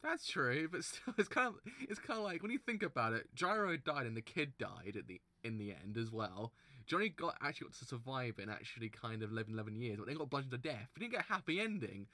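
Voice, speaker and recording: Male reaction host, reads manga aloud and exclaims, with a bright, lively delivery. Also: mid-range voice, fast talker, no room sound. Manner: excitable, exclaims loudly, stumbles while reading.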